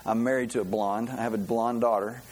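A middle-aged man preaching a sermon in a halting, folksy way, often repeating words as he goes. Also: mid-range voice, fairly even intonation, a little mellow. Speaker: pastor.

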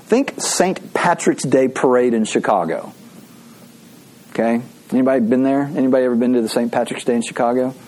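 A male pastor leads a relaxed Bible study, talking eagerly and wandering into side remarks. His voice sits at an ordinary middle pitch, and he often restarts his sentences as he goes. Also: fast, low-quality recording. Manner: eager, chatty, many asides and restarts. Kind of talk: casual Bible study teaching.

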